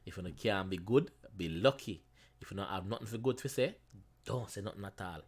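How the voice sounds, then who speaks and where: A man's voice: fairly low pitch, brisk, breathy edge. Jamaican man hosting a reaction channel. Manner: animated, mixes patois, laughing, repeats himself. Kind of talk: casual reaction commentary.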